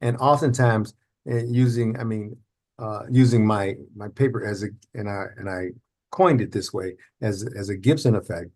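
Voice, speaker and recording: A man's voice: on the low side, normal speed, darkish tone. A man hosting a podcast, explaining ideas in a reflective, conversational way. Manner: reflective, explaining with acted examples. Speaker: podcast host.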